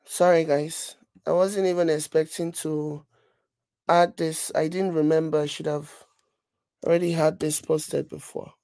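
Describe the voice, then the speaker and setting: A woman's voice: low voice, level tone, a little slow, dark tone, dry recording. Nigerian woman vlogger, mocking commentary. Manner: mocking, exasperated, talks while scrolling. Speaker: vlogger reacting to a video. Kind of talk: casual commentary.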